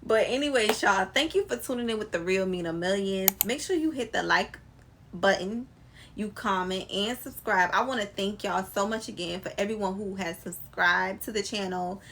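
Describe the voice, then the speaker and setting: A woman's voice: mid-range voice, moderate pace, a bit bright, a little hiss or hum. A young adult woman telling a story to her viewers in a casual, emphatic, slangy way, speaking to a camera mic. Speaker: storytime vlogger.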